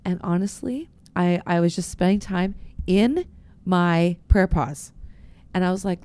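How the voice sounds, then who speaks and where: A woman's voice: on the low side, unhurried, darkish tone, clean tone. A woman pastor co-hosting a casual faith podcast, telling candid, confessional stories with many restarts.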